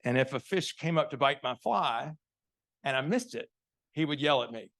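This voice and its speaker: A sales consultant delivers a live keynote at an event venue, telling stories and posing rhetorical questions to the audience. His medium-pitched voice is fairly bright, with lively intonation and a moderate pace.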